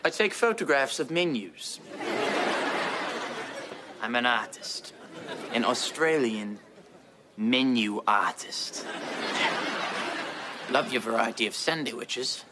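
An actor playing an earnest, overeager young man in a sitcom, speaking in a self-serious way over loud studio laughter. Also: medium pitch, expressive, normal speed, over a noisy crowd, natural voice. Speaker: son, sandwich shop worker. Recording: sitcom set with loud audience laughter and noise.

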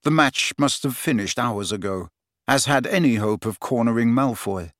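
A man narrating an audiobook with steady, expressive storytelling. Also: mid-range voice, normal speed, no echo, studio quality. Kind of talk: scripted narration.

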